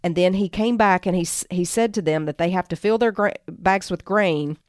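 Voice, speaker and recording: A woman's voice: on the low side, moderate pace, a little mellow, no echo, clean studio sound. A woman podcast host retelling a Bible story in a conversational teaching style, reading quoted lines and adding asides.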